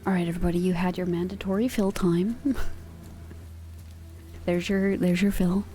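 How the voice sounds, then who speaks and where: A woman streaming live ASMR, chatting casually and playfully, drifting between soft whispers and quiet talk from a home sound booth. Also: lowish voice, steady tone, normal speed, soft background music.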